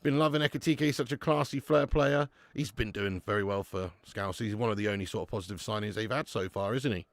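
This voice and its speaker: On the low side and a little fast, this young man's voice runs on with hardly any pauses and no echo. He's hosting a live football watch-along, casually chatting through viewer comments while laughing and swearing freely.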